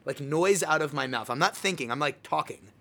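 A young man hosting a casual chat, telling a story in an animated way and acting out his own words. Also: fairly high pitch, fairly quick. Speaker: podcast host.

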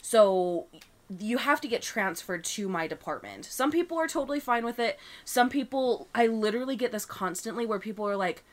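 A woman's voice: a little high, normal speed. A woman co-hosting a casual chat, telling a story about a rude caller and acting out both sides of the phone call. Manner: animated retelling of a customer service call, acting out both sides.

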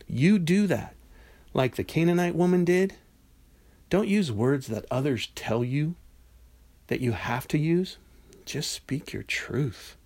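Animated man in his fifties. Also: medium pitch, normal speed. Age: 50s. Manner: animated, conversational, acts out dialogue in quotes. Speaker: podcast host. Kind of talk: Christian devotional podcast talk.

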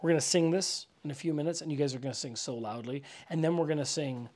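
Pastor, male, high-set voice, loose chatty sermon delivery with emphatic repeats. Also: fast, a little mellow, a little hiss or hum. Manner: conversational, many "like" fillers, emphatic repetition. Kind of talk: casual sermon. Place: church gathering.

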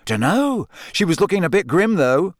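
A man plays a teasing teenage prankster, pitching his voice above his own natural one so it sits high and very animated at a moderate pace. The recording is studio quality with no room sound.

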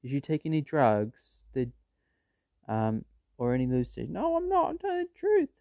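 A man's voice: mid-range voice, wildly swooping pitch, normal speed, vocal fry, darkish tone, no room sound, pitched above the performer's own voice. A man playing a doubtful police officer. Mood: dismissive. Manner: doubtful, dismissive questioning. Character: skeptical male police officer on the phone.

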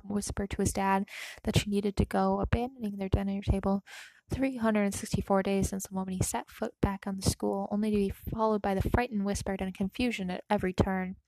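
A woman narrating a story aloud in a soft, emotional reading that sometimes drops to a whisper. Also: mid-range voice, vocal fry, no echo, rough recording. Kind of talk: reading fan fiction aloud.

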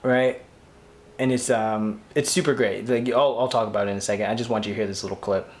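A man's voice: fairly low pitch, steady tone, brisk, slight background noise. A man hosting a podcast, talking through a TV show in a rambling, gushing, heartfelt way. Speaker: podcast host. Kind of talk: casual solo TV review.

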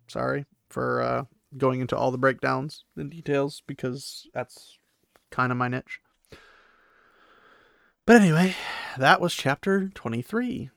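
A man's voice: mid-range voice, vocal fry, a bit bright, no echo, clean studio sound. A young man giving a casual, chatty chapter recap with laughing asides and lots of fillers. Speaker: book recap vlogger.

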